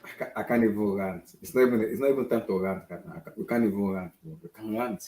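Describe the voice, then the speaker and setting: Exasperated fan host, echoey room. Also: male voice, on the low side, fast, mellow. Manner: exasperated, repeats himself. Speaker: football fan channel host. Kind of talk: casual fan rant.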